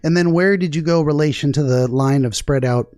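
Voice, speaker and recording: A man hosting an interview about a dream, asking calm, careful follow-up questions. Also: on the high side, a little fast, no echo, clean studio sound.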